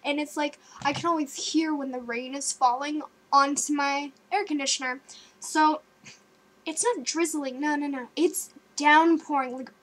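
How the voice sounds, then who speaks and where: A young woman casually telling a story to her webcam at home, animated and jumpy, with gasps, sudden loud outbursts and lots of likes and ums. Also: sits high, unhurried. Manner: filler-heavy, with many likes and ums. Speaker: vlogger.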